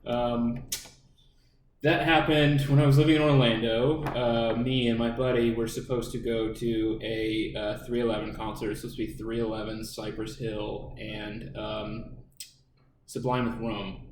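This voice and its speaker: A young man chatting loosely on a podcast, swearing and wandering through a story with plenty of ums. He sits back from the mic in a roomy, echoing room with a faint hiss underneath. His pitch sits in an ordinary middle range. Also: level tone, a little slow, distant mic. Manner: rambling, profane storytelling with fillers. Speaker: podcast co-host. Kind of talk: casual podcast chat.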